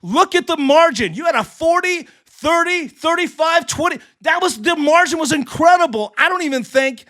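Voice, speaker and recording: A man hosting a sports live stream, talking with hyped excitement and firing back at chatters. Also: very high voice. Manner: hyped, fast, heckling chatters. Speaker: sports livestream host.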